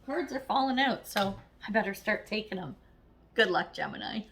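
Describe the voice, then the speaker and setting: A woman's voice: mid-range voice, lively intonation, normal speed, a bit bright, a little hiss or hum. A woman giving a casual, chatty tarot reading, blunt and encouraging, acting out little quoted voices as she goes. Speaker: tarot reader.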